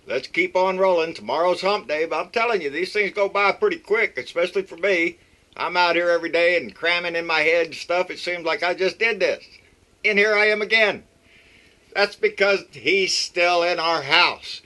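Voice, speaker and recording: A man's voice: high-pitched, moderate pace, pushed and bright. A man hosting his own show, giving a blunt, folksy political rant full of mockery. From Texas. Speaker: political vlogger.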